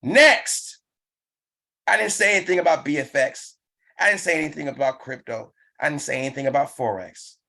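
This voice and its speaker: A man's voice: a little high, normal speed, gravelly, bright, forceful tone. Male business trainer, live online session, emphatic and repetitive, pushes the audience to act. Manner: pumped-up, urging.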